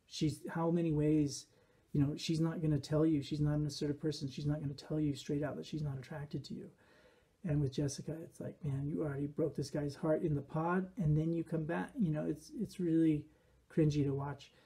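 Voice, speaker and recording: Casting note: man, rambling reflective commentator, dark mellow tone with a husky edge. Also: a little high, level tone, brisk. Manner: rambling, reflective, with quoted asides. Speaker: behaviorist commentator. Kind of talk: casual commentary.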